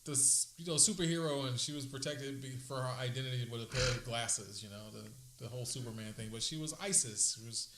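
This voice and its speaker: A man co-hosting a podcast, chatting eagerly and nostalgically in quick bursts. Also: medium pitch, a bit bright, roomy sound, slight background noise. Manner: enthusiastic, nostalgic, fast bursts. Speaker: podcast co-host. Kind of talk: casual chat.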